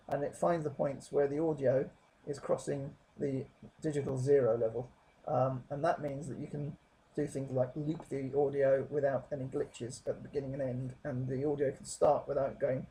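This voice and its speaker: A man talking through a software tutorial at his desk, rambling and correcting himself with many fillers. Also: mid-range voice, vocal fry, slight background noise, poor audio. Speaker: tutorial presenter. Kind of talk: screen-capture software tutorial.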